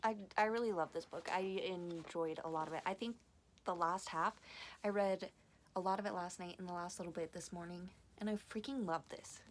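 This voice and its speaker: A woman book vlogger chatting casually, excitable and gushing, swearing freely and filling her talk with "like". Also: fairly low pitch, a little fast, slight background noise. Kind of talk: casual vlog chat.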